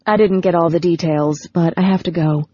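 A woman reading a nervous young woman in a storybook, who talks in hurried, flustered bursts. The voice is husky and mellow. The recording is dull. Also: on the low side, steady tone, no room sound.

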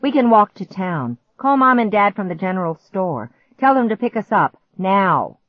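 A woman's voice: fairly high pitch, unhurried, dry recording, highs cut off, voice pushed up, natural voice. A woman voicing a nervous young boy who whines and urges in a worried tone. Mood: urgent, worried. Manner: whining, urgent.

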